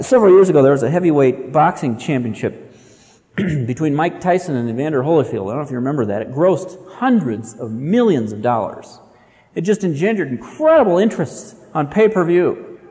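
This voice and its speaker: A man preaching a sermon in an animated, dramatic storytelling manner. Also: high-pitched, in a large hall. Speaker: pastor.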